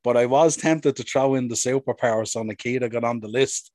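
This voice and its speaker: A man from Ireland co-hosting a podcast in a casual chat, with a relaxed, agreeable manner and frequent chuckles. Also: medium pitch, a little fast, no room sound. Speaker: podcast co-host.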